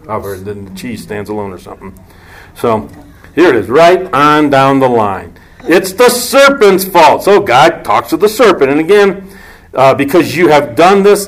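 A man giving a conversational, joking Bible teaching with asides. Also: medium pitch.

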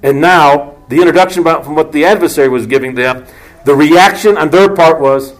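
A man's voice: fairly high pitch, lively intonation, fairly quick. A man giving a conversational, joking Bible teaching with asides.

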